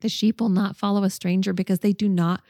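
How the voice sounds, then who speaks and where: A woman's voice: medium pitch, flat delivery, fast talker, mellow, no echo, clean studio sound. A woman hosting a podcast, teaching a Bible study in an earnest, enthusiastic and emphatic way, speaking into a microphone. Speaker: podcast host.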